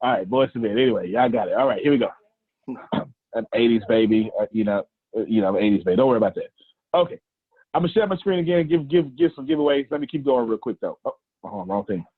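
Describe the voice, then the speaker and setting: Over tinny, dry video call audio with no echo, a man runs a group coaching call at a quick pace. His medium-pitched, slightly rough voice has lively intonation, and he's emphatic, preachy and slangy, teasing those listening.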